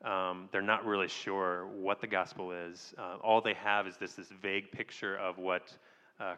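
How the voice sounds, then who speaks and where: A man speaking as a missionary guest, measured and hesitant with many pauses. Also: low-pitched, sharp tone. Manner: measured, many ums, restarts. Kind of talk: church interview answer. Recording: long hall reverb.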